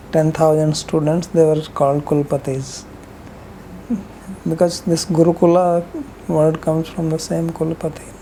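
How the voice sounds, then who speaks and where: A woman's voice: low-pitched, warm tone, slight background noise, poor audio. A woman giving a rambling, conversational scripture lecture, telling stories with frequent asides.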